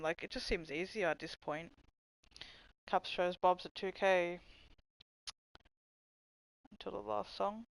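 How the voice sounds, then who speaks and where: A young woman hosting a livestream, chatting casually with viewers in a low voice that people mistake for a man's, swearing and laughing often. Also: clear, resonant tone, dry recording, poor audio. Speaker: livestream host. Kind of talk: casual chat reading stream comments.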